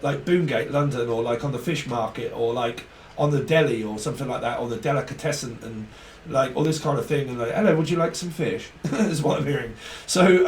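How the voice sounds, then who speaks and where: A man's voice: a little high, creaky, recorded from a distance. A man giving a casual tarot reading, rambling and free-associating with jokes. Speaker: tarot reader. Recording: echoey room, off-mic, faint hiss.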